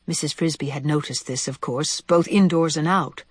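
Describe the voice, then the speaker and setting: A woman narrating a children's storybook aloud in a measured, expressive way. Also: sits low, breathy edge, dry recording. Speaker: reader.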